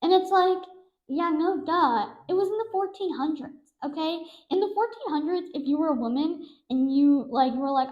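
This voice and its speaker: A young adult woman hosting a podcast, telling stories in a sarcastic, animated, self-mocking way. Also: sits high, normal speed, echoey room, dull audio. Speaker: podcast host. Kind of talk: casual storytelling monologue.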